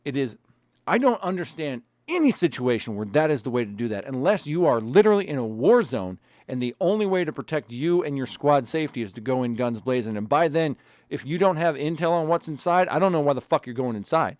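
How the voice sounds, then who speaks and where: A podcast co-host rants angrily during a heated casual episode, swearing a lot and emphatically arguing his point. His fairly high, darkish voice is animated and a little fast, with no echo.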